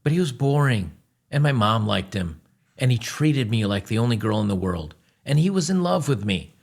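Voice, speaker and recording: A man's voice: mid-range voice, big pitch swings, normal speed, gravelly. A man hosting a reaction commentary, scornful and lecturing, repeating his points. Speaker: commentary host.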